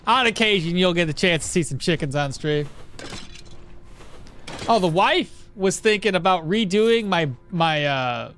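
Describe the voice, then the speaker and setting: A man talking over his gameplay on stream, chatty and easily excited. His pitch swings widely as he talks, rising and dropping with enthusiasm. He speaks close to a desk mic, with a faint hiss underneath. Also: unhurried. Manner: excitable, chatty, swears casually. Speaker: streamer playing a game. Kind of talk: casual gameplay commentary.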